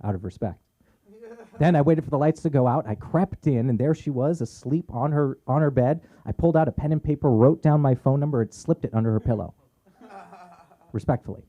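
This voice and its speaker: A man doing a stand-up set at an open mic on a comedy club stage, delivering deadpan punchlines and chuckling at his own jokes. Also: mid-range voice, a little fast, muffled recording. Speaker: stand-up comic.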